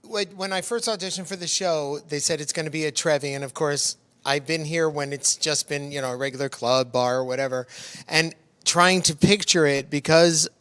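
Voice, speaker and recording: A man's voice: on the high side, moderate pace, pushed and bright, clean tone. A man, a stage actor, chatting casually about a past production, reflective with some restarts. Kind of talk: casual chat. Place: lounge venue.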